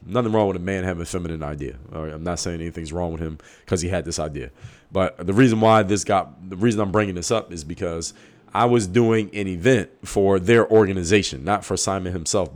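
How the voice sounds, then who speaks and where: Male host, lowish voice, blunt and emphatic monologue, swears freely. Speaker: podcast host. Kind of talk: casual monologue.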